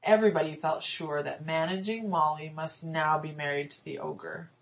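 A woman reads a fairy tale aloud as an audiobook narrator, in a measured, storytelling way. Her voice sits somewhat low. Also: fairly even intonation, vocal fry, low-quality recording. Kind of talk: scripted narration.

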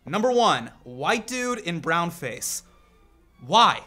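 Male comedy host, high and lively, bright tone, profane indignant rant to camera. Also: slow pace, faint music behind. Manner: animated, profane, indignant ranting.

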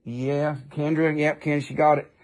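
A man's voice: fairly high pitch, flat delivery, normal speed, darkish tone, slight background noise. A man with an Appalachian accent selling rocks on a live stream, rambling and joking in a casual chat. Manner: joking, rambling, playful funny voices. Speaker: live-stream rock seller.

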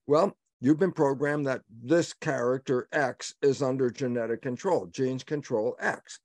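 A man's voice: medium pitch, a little slow, few pauses, darkish tone, dry recording. A man giving an emphatic webinar talk, lecturing and answering his own rhetorical questions. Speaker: guest speaker.

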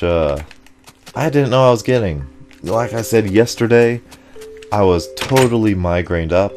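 A young man hosting his gaming channel, rambling through an excitable story in casual commentary. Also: fairly low pitch. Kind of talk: casual commentary over gameplay.

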